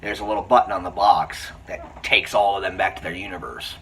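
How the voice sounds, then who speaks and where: A man giving a casual spoken film review, retelling scenes in an excited, rambling way with many restarts. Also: low-pitched, fairly quick. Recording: slightly distant mic, faint room hiss.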